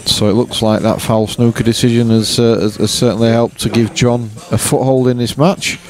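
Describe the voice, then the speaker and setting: A man from England commentating live on a pool match, relaxed and chatty with his co-commentator. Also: medium pitch, moderate pace. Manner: relaxed, chatty, self-mocking.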